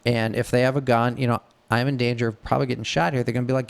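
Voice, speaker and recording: A middle-aged man with a gravelly edge and a smooth, resonant voice tells a story. He talks frankly, swears freely and acts out the people he quotes. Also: mid-range voice, little pitch movement, very fast. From Detroit area. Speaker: podcast co-host telling a story. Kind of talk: casual storytelling.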